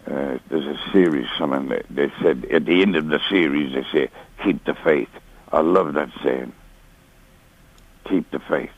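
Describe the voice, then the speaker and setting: An older man on a radio call-in talks haltingly, circling back on his words. His voice sits very low with a husky, gravelly grain. The line is dull and muffled. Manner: halting, heartfelt, repeats himself. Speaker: caller. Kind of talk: emotional phone-in call.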